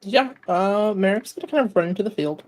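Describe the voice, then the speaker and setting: A woman's voice: mid-range voice, fairly quick, a little mellow, a little hiss or hum, rough recording. Chatty woman playing a tabletop game. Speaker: player. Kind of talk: casual tabletop play.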